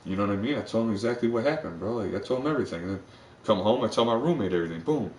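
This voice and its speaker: Male streamer, lowish voice, loose cursing ramble, roomy sound picked up from across the room. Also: expressive, racing, a little mellow, a little hiss or hum. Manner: profane, rambling, full of fillers. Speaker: live streamer. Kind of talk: rambling live-stream monologue. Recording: echoey room, far from the mic.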